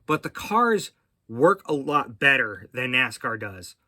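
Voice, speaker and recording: A middle-aged man hosts a casual racing chat, rambling and restarting his sentences as he goes. His voice is bright and forward, and it sits close and dry with no room sound around it. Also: mid-range voice, very animated, slow, no echo. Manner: rambling, with frequent fillers and restarts. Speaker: podcast host.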